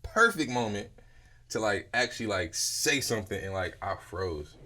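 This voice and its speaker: Young male guest from Philadelphia, low bright voice, animated storyteller who acts out quotes. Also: moderate pace. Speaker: guest, dessert business owner. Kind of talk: casual storytelling interview.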